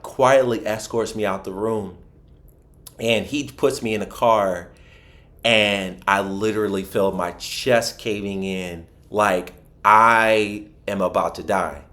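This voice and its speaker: A man from Philadelphia, a podcast guest, telling a personal story in an animated way with frequent restarts and acted-out quotes. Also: on the low side, slow pace.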